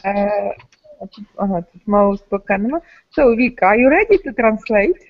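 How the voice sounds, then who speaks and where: A woman's voice: medium pitch, expressive, moderate pace. A woman teacher in an online lesson, giving short corrections and prompts. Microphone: video call. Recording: dull lo-fi online call audio.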